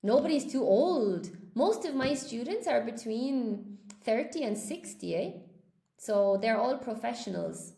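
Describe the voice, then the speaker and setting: A woman's voice: a little high, animated, measured pace, vocal fry, dark tone, reverberant. A woman teaching English on a live stream, chatting with viewers and cheering them on in an upbeat way. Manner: upbeat, encouraging, reads chat aloud.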